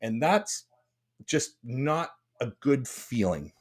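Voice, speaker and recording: A man's voice: medium pitch, big pitch swings, slow pace. A man hosting a podcast, talking bluntly and passionately, rambling with restarts. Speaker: podcast host. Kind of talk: casual podcast chat.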